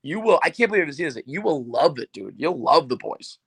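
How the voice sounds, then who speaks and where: A man hosting a sports podcast, talking fast and loose in casual banter with a lot of swearing. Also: fairly high pitch, creaky, slightly rough. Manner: profane, excitable sports banter. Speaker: podcast host. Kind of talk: casual chat.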